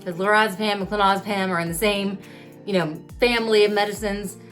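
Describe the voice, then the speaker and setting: A woman's voice: mid-range voice, steady tone, brisk, a bit bright, soft background music. A woman in her thirties vlogging candidly about her epilepsy, talking openly and conversationally to her viewers. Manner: open, confessional, conversational with fillers. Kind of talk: candid personal storytelling to camera.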